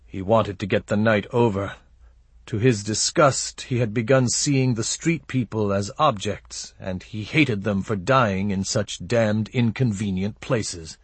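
Brief: male narrator with a husky, slow, measured read, dry close-mic sound. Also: fairly low pitch, no room sound. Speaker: audiobook narrator. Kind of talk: scripted narration.

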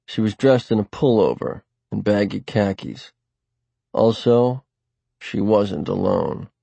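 A man reading a first-person novel aloud in a wry, dry, deliberate way. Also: lowish voice, creaky, warm tone, breathy edge, no echo. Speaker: audiobook narrator. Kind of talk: first-person audiobook narration.

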